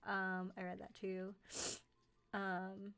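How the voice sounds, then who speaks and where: Talking loosely and warmly with her livestream audience, this horror narration host speaks slowly with a completely flat delivery and vocal fry. Her mid-range voice is fairly bright, clear and resonant, with a light New York accent and many "like" and "um" fillers.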